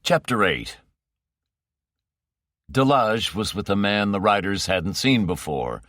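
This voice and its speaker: A male audiobook narrator with a low, bright voice, reading in an even, steady way. The recording is close and dry, with no room sound. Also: slow, dry recording. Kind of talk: scripted narration.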